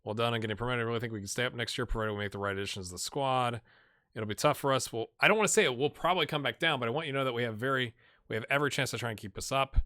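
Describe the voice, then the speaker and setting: A man's voice: medium pitch, rapid-fire, sharp tone. A man hosting a gaming channel, giving casual gameplay commentary, chatty and muttering asides to himself.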